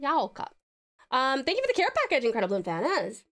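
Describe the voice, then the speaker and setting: A woman's voice: sits high, huge pitch swings, rapid-fire, fairly bright tone. A woman livestreamer who sounds mostly American, with a few Australian words, chatting casually with her viewers, giggly, with frequent ums.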